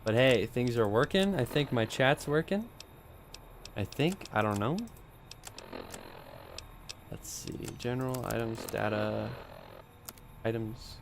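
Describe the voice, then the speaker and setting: Male voice actor streaming a game, casual and self-mocking, quick to laugh. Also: mid-range voice, creaky, slight background noise.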